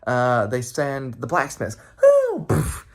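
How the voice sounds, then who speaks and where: A young adult man, a camp counselor, telling a campfire story with sound effects and shouts. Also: medium pitch, expressive, normal speed.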